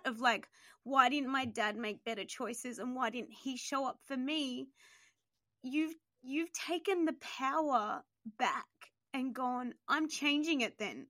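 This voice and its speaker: A woman hosting an interview, talking fast and emotionally with lots of fillers while grieving. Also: high voice, a bit bright, no room sound, clean studio sound. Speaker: podcast host.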